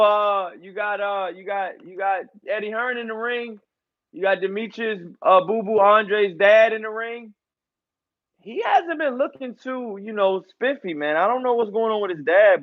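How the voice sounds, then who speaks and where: Hyped high-voiced man streaming fight commentary. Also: moderate pace, phone-quality sound. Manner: loose, hyped, repeats catchphrases and fillers like man and y'all. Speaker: boxing commentator and channel host.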